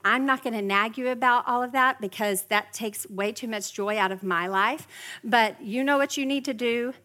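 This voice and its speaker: A woman's voice: on the high side, moderate pace, bright, forceful tone. A middle-aged woman teaching a parenting class in a chatty way, often checking in with her listeners. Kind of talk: workshop teaching to a live group.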